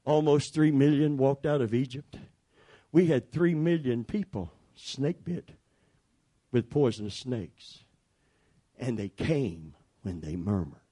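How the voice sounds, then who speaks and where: Pastor man preaching slow and punchy, repeats himself, gets the crowd to say it back. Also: mid-range voice, animated, warm tone, slightly rough. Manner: emphatic, repetitive, calls the congregation to respond. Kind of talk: sermon.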